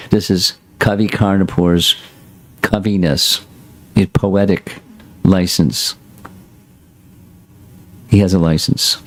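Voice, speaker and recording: A man teaching a scripture class, reading a passage aloud and breaking in with short plain asides. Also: lowish voice. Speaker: spiritual teacher.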